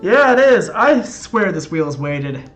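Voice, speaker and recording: A man's voice: high voice, sing-song, unhurried, fairly bright tone, faint music behind. A man streaming a video game, chatting casually with his chat and joking about his exercise punishments. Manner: chatty, joking, self-mocking.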